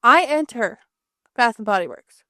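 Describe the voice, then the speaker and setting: A woman with a fairly high voice, telling a story on a podcast. She voices the people in her stories as she goes. The sound is close and dry. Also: moderate pace, no room sound. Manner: animated, acts out dialogue in quotes. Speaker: podcast co-host. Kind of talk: casual storytelling.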